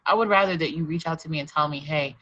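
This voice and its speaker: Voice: mid-range voice, fast talker, pushed and bright, a little hiss or hum, poor audio. A podcast host responding with earnest encouragement in casual chat, repeating points for emphasis.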